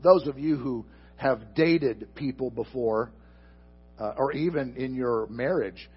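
A man preaching a sermon into a microphone before a congregation, asking them questions and swinging from loud emphatic bursts to soft, slow asides. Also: medium pitch, breathy edge, highs cut off. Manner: addresses the congregation directly with questions. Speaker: pastor. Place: church sanctuary before a congregation.

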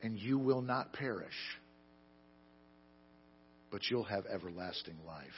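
A man preaching a sermon, telling stories with self-deprecating humor and swinging between loud emphasis and quiet asides. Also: lowish voice, animated, a little slow, pauses often, slightly rough, highs cut off. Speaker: pastor.

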